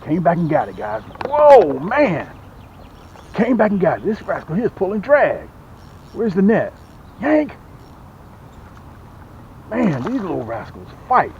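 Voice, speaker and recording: A man fishing outdoors and talking casually to his viewers, excitable and folksy as he pitches his lures. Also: moderate pace, vocal fry, long pauses, dull audio, a little hiss or hum. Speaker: fishing vlogger and lure seller. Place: outdoors on a boat.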